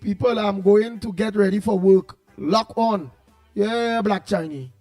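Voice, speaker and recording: A man's voice: high-pitched, a little slow, a little mellow, faint music behind. A Trinidadian man hosting a casual morning radio show, rambling and calling out listeners' names in greeting. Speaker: radio host.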